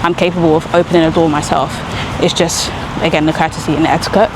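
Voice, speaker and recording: A young woman talks through a long, animated story as she walks outside, tired from having little sleep. Her voice sits a little low, and faint traffic hums in the background. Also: fast talker. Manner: chatty, rambling, animated retelling. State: sleep-deprived new mother. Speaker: vlogger. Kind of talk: casual storytelling vlog while walking. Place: outdoors on a street walk.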